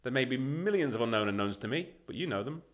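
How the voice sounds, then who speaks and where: A man speaking as a podcast guest, with a voice at an ordinary middle pitch for a man. He talks in an emphatic, animated way and slips into little acted-out voices for other people. His delivery is conversational and driven. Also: fast talker. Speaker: podcast guest, leadership consultant.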